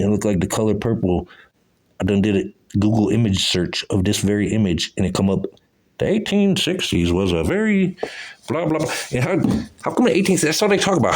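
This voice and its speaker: A man's voice: low-pitched, darkish tone, slight background noise. A man giving profane, agitated commentary on old photos, exclaiming as he goes. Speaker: video host.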